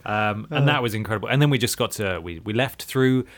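A man hosting a podcast, chatting casually and telling stories in an animated way with the odd swear word. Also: on the low side, fairly quick. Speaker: podcast host.

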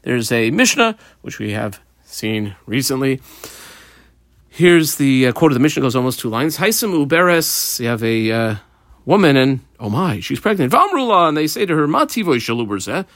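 A man teaching a Talmud lesson, explaining Aramaic phrases in casual English with a lively, conversational manner. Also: mid-range voice, normal speed, no echo, studio quality.

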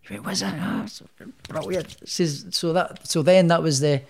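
A man's voice: on the high side, moderate pace. A young man, a professional boxer telling stories in a casual interview, with many restarts. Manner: rambling, animated storyteller with many restarts.

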